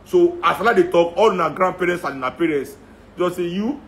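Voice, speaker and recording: A man's voice: sits high, quick pace. A Nigerian man in casual, opinionated chat who mixes Pidgin and Yoruba and mocks his listeners. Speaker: musician and guest.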